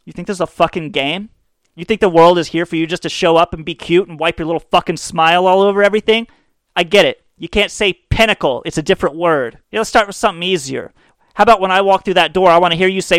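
A man's voice: high-pitched, quick pace, a bit bright, smooth, no room sound. A man hosting a comedy podcast, delivering a profane, mocking rant into a close mic. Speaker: podcast host. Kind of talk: ranting comedy monologue.

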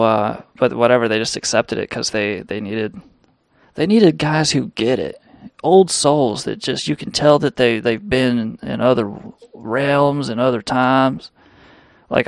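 Gravelly man telling crude rambling stories. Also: mid-range voice, unhurried, dry recording, studio quality. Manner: rambling, crude, profane and self-mocking. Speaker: podcast host. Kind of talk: casual comedic storytelling monologue.

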